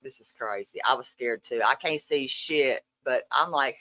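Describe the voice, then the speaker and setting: A woman's voice: very deep voice, normal speed, a bit bright, no echo. A woman hosting a casual live stream, greeting viewers in a sassy, profane, playful way. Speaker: livestream host. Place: dark room at home.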